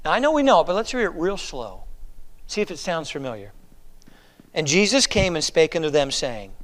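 A male pastor delivers a sermon in a high, expressive voice whose pitch leaps and falls. He shifts between quiet, confiding asides and drawn-out, emphatic exhortations, and his voice rings with the long reverb of a church sanctuary. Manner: preaching with dramatic swings from hushed to emphatic.

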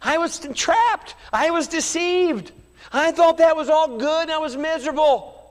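A man's voice: extremely high pitch, measured pace, in a large hall. A man preaching a sermon with fervent rhetorical questions and acted-out quotes. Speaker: pastor.

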